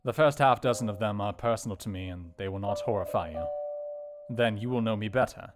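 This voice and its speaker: An actor playing an earnest, grave Victorian male doctor in a dramatized reading of a classic novel, with a formal, gentle and solemn manner. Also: on the low side, a little fast, over music, natural voice.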